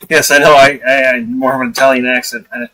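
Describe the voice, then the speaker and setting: Heard from a distance off the mic, this livestream host speaks in a mid-range, steady, sharp voice at a moderate pace. He keeps the casual chat blunt, laughing often and swearing freely.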